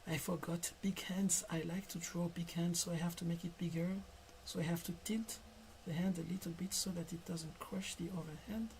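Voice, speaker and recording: A man with a French accent chatting casually on a live stream while he draws, soft and careful, stuttering at times. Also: a little high, fairly even intonation, moderate pace, few pauses, a little hiss or hum. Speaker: digital artist live-streaming.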